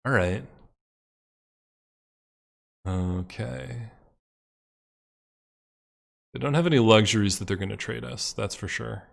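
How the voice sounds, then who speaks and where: A man giving casual, excitable commentary while playing a strategy game, muttering to himself and swearing when things go wrong. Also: lowish voice, takes it slowly, creaky, long pauses. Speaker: gameplay commentator.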